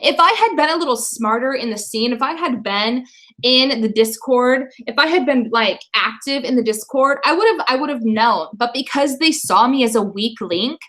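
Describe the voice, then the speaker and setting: A woman's voice: a little high, fairly bright tone, poor audio. A woman hosting a livestream, talking in an upset, profane, apologetic way. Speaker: stream host. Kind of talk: emotional livestream talk.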